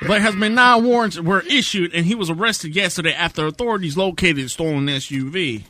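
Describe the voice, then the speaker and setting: A man's voice: high-pitched, fairly quick, sharp tone, slight background noise. A man doing a smug Southern newsman. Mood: mock-serious. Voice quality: mock Southern drawl, mock news-reading. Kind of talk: comic role-play on a radio show.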